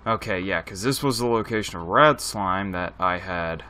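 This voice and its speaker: A man's voice: low-pitched, normal speed, pushed and bright. A man giving casual let's play commentary, thinking aloud and chatting to his viewers. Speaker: gaming channel host.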